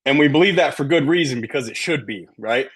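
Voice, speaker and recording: A man's voice: medium pitch, animated, a little fast, a bit bright, breathy edge. A middle-aged man coaching a sales team, talking emphatically and often checking in with "right?". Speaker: sales trainer. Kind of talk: sales training talk to a team.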